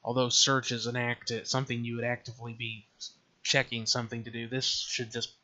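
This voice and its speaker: Briskly and with a completely flat delivery, a man with a sharp, medium-pitched voice mumbles to himself and thinks aloud while working through menus on his computer. It's a casual screen-recorded tutorial on game development, captured in slightly dull lo-fi sound.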